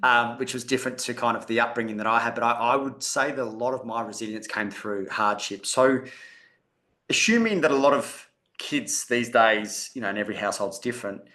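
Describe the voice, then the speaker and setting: Casual male podcast host, middle-pitched. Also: a little fast, pushed and bright. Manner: casual, rambling question with restarts. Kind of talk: podcast interview question.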